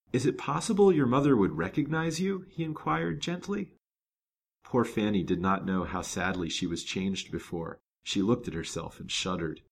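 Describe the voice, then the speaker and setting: A man narrating a serial novel in a measured, even reading voice. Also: low-pitched, slight background noise. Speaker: storyteller.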